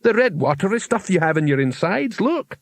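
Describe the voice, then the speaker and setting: Man plays friendly troll, raised pitch, cheerful musing delivery, storybook reading. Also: very animated, brisk, no room sound, clean studio sound. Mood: chatty. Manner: cheerful, matter-of-fact, musing. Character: friendly chatty male troll, old and stony. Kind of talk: audiobook character reading.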